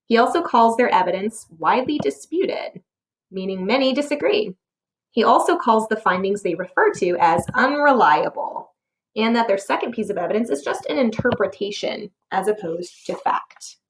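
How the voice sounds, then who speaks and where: A woman teacher reading a scripted lesson, explaining clearly and posing rhetorical questions. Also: a little high, lively intonation, moderate pace. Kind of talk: scripted narration for a test-prep lesson.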